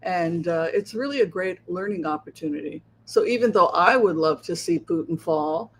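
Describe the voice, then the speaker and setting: A man's voice: high-pitched, normal speed, slightly rough. A man hosting a livestream of political commentary, talking rhetorically and often tagging his points with a questioning "right?". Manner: rhetorical, keeps asking "right?". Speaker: psychic show host.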